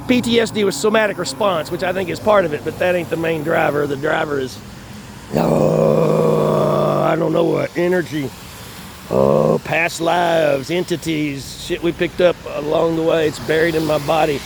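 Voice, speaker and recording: A man's voice: on the high side, vocal fry, noisy background. A man, rambling and cursing with frequent chuckles as he vlogs while in pain. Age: 50s. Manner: profane, rambling, laughs between phrases. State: in chronic pain. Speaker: vlogger. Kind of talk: casual rambling monologue. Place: outdoors on an urban street.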